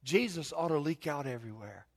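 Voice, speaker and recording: A man's voice: fairly high pitch, animated, a little fast. A middle-aged man, preaching a sermon as pastor and telling homespun stories with many restarts and asides. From Eastern Kentucky.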